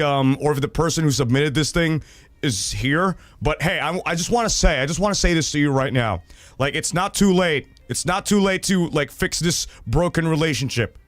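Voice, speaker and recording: Animated high-voiced man. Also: dry recording. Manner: animated and profane, laughing loudly, acting out quoted voices. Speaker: livestream host reading viewer stories. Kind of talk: casual livestream chat.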